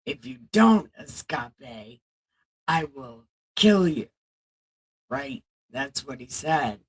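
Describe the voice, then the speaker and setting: Lady slowly reading scripture on stream, chatty asides, pretty unhurried. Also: sits low, a little mellow, a little hiss or hum, low-quality recording. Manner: slow, halting reading with chatty asides and swearing. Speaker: livestream host reading the Bible. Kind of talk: casual livestream Bible reading.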